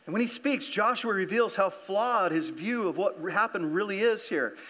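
A man's voice: sits high, animated, normal speed, fairly bright tone. A man preaching a sermon, explaining the verses in a conversational way and asking his listeners questions. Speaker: pastor.

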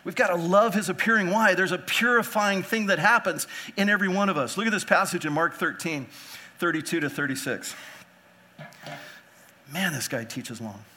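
A man preaching a sermon with impassioned swings between quiet and loud emphasis, acting out biblical figures in casual modern speech. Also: high voice, normal speed. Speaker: pastor.

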